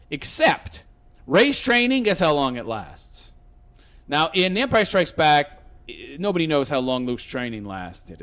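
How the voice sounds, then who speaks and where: A man with a somewhat high voice rants about a film in a sarcastic, rambling way. He stumbles over restarts and fillers as he talks. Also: fairly bright tone, clear, resonant tone. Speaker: film reviewer. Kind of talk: casual rambling movie rant.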